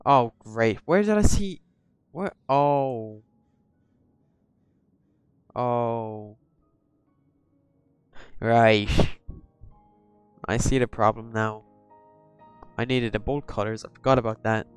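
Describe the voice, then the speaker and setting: A man's voice: mid-range voice, slow pace, long pauses, clear, resonant tone, no room sound, faint music behind. A man hosting a horror game let's-play, jumpy and swearing, chatting to the characters on screen. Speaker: gaming channel host.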